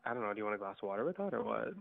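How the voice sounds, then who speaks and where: A man's voice: fairly low pitch, sing-song, very fast, gravelly, narrow, tinny audio. A young man casually telling a long, profane party story on a podcast, laid-back and swearing freely. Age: young adult. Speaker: guest storyteller.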